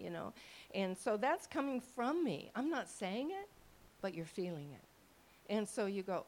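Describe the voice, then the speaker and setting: An older woman teaching a live audience in a chatty way, acting out quoted thoughts in lively voices and often checking that listeners follow. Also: medium pitch, moderate pace. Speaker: ministry teacher.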